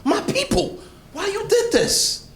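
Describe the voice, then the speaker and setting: A man's voice: very high-pitched, sing-song, slow, vocal fry, reverberant, slight background noise, pitched above the performer's own voice, heavily acted. A man voicing an indignant king who scolds a guest with incredulous questions.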